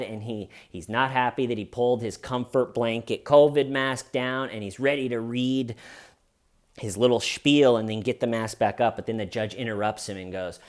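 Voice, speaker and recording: Man, true crime commentary host, casual talk, sarcastic, mocking, mid-pitched voice.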